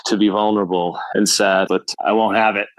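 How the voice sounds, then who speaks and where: A man's voice: lowish voice, level tone, a little fast, no echo. A man guest on a podcast, talking earnestly and often laughing as he speaks. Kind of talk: casual interview chat.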